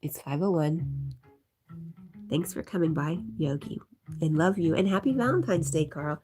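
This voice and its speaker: Low-voiced chatty woman streamer, music behind. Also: normal speed, darkish tone. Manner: chatty, laughs often. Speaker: livestream host. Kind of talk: casual chat reading live comments aloud. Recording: music playing in background.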